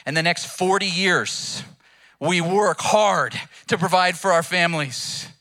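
Bright-voiced casual young pastor. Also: male voice, sits high, measured pace. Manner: casual, storytelling, joking. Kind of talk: sermon.

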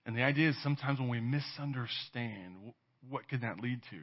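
Preaching in a conversational style, this Californian pastor keeps asking "right?", laughs occasionally, and performs the voices he quotes. He speaks a little fast at medium pitch, captured on dull, lo-fi sermon audio.

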